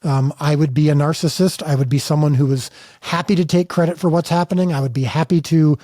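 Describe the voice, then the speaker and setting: A man's voice: on the high side, steady tone, brisk, dark tone, no echo. Earnest middle-aged man, dry close sound. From United States. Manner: earnest, emphatic storytelling with restarts. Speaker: filmmaker guest. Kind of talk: candid interview conversation.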